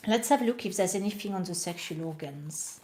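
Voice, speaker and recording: Reading old homeopathy books aloud at night, this woman pauses between passages to chat to the camera and comment. Her voice sits on the low side, a little mellow, brisk and lively in intonation, with a little hiss or hum on the recording.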